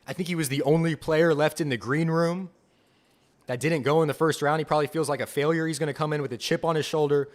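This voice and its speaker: A young man hosting a live fan podcast, reacting to picks with excited, repetitive enthusiasm. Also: fairly high pitch, fast talker. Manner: excited, enthusiastic, repeats himself. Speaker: podcast host.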